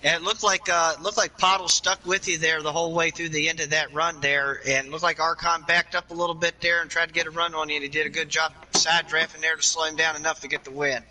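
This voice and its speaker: A man co-commentating a sim racing league, breathless and excited. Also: a little high, fast talker, few pauses, poor audio.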